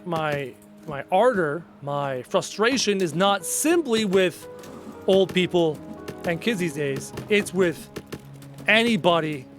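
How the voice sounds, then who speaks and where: High-voiced man ranting emphatically. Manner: opinionated, emphatic, repeats key phrases. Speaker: gaming YouTuber and streamer. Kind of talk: casual rant while playing a game.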